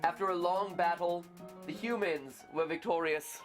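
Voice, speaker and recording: A man's voice: high-pitched, fairly even intonation, moderate pace, close to an everyday voice. A man putting on a grand British storybook narrator. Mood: grandly narrating. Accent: put-on British. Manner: theatrical storytelling read. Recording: game stream with music behind.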